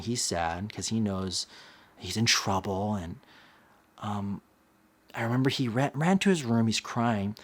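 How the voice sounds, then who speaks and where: A man in his thirties, a pastor, telling a personal confession in an earnest, halting way, often repeating words as he searches for them. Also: mid-range voice.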